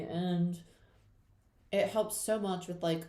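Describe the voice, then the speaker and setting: A young woman rambles through a casual live chat with her viewers. She fills her talk with "like" and "um" as she drifts from one thought to the next. Her voice sits low and mellow, caught by a computer mic in an echoey room. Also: fairly even intonation, measured pace, long pauses. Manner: rambling and chatty, many fillers, talks to viewers while doing makeup. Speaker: tarot reader hosting a live chat.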